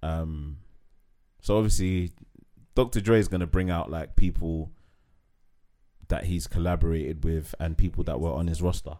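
A young man, co-hosting a relaxed podcast chat in slangy banter. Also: low voice, normal speed. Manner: laid-back, slangy banter. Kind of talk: casual chat.

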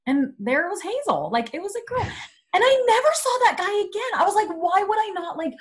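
A woman in her thirties telling a story in casual chat, animated and filled with "like". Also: very high-pitched, fairly quick.

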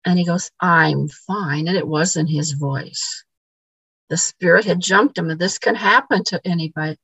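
A woman's voice: on the low side, moderate pace, a bit bright, breathy edge, dry recording, low-quality recording. A woman, a podcast guest, telling a paranormal story in casual conversation, repeating words and acting out the dialogue.

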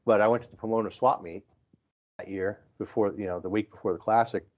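Low-voiced guy chatting about old days, acts out quotes, bit dull lo-fi sound. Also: fast talker. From American Midwest. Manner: animated storyteller, acts out quotes. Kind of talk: casual chat.

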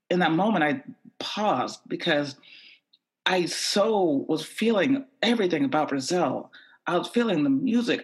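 A man from the United States telling a tense personal story with animated, repetitive buildup. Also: on the high side.

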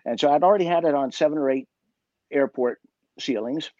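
A man's voice: fairly high pitch, a little fast, mellow, dry recording, dull audio. A man, a guest magician, telling a story in a chatty way, with many fillers, restarts and laughs, heard over a video call. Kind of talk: casual storytelling.

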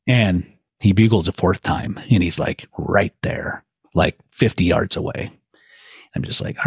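A middle-aged man, a guest, telling a hunting story in a folksy, animated way and acting out quotes. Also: sits low, moderate pace, vocal fry, slightly rough, no room sound, clean studio sound. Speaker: guest elk hunter.

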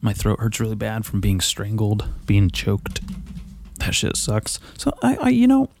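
A man's voice: fairly low pitch, huge pitch swings, measured pace, creaky, darkish tone, a little hiss or hum. A man talking in a loose, profane, self-mocking monologue at his desk mic at home, a bit out of breath. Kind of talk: casual rambling monologue. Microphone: desk mic on a boom arm.

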